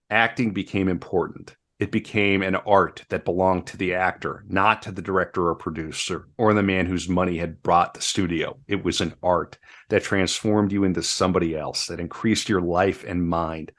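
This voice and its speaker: A man's voice: sits low, moderate pace, few pauses, a bit bright. A man co-hosting a podcast, reading a memoir aloud and chatting casually with his co-host.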